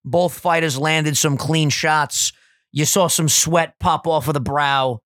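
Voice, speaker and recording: A young man co-hosting a casual podcast, hoarse from screaming, loud and swearing as he jokes around in a basement. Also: fairly high pitch, fairly even intonation, no echo, studio quality. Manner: loud, swearing, jokey, quick. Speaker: podcast co-host. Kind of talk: casual profane podcast banter. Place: basement at a kitchen table.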